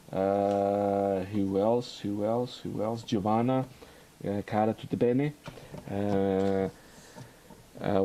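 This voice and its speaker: Slow, low-voiced Australian man. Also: mellow, slight background noise. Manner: rambling and halting, many fillers and restarts. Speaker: livestream host. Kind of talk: casual livestream chat.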